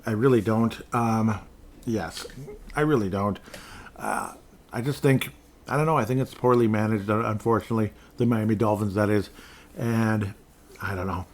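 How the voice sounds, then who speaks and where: A man with a fairly low voice hosts a solo podcast from his desk. He rambles through scores as he reads them aloud and drops dry, sarcastic remarks along the way. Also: moderate pace, slight background noise. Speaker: podcast host. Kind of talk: casual solo sports talk. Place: indoors at a desk in front of a screen.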